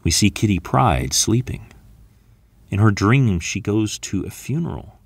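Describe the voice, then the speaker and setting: A man hosting a podcast, recapping a comic book in a lively, storytelling way. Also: lowish voice, unhurried, gravelly, breathy edge, no echo. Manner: lively storytelling, acting out scenes. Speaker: podcast host.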